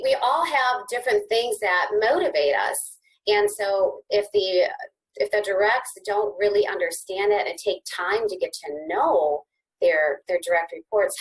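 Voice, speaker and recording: Middle-aged woman guest on a podcast, lively, pitch jumps way up when she gets into it, lots of repeating words, average pitch. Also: low-quality recording. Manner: animated, sweeping pitch rises when excited; frequent repeated word restarts. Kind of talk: conversational interview.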